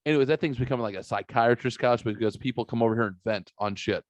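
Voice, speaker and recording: A man's voice: mid-range voice, quick pace, slight background noise. A middle-aged man hosting a podcast, telling a long profane story and quoting the people in it. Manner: profane, animated retelling with quoted voices. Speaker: podcast host. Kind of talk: casual storytelling chat.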